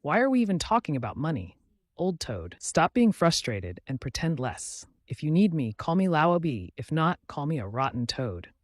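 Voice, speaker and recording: A man's voice: a little high, very animated, moderate pace, no room sound. A man voicing a brash, cocky young beast tamer who teases and boasts. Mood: teasing.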